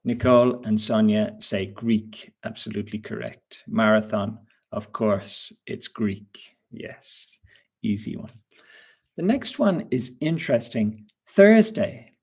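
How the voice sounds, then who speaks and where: Slow, husky male English teacher. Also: on the low side. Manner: slow, patient, quizzes viewers with questions. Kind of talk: live webinar lesson.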